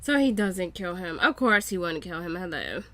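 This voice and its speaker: A woman giving casual reaction commentary on a show, excitable and swearing freely. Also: lowish voice, moderate pace. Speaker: reaction YouTuber.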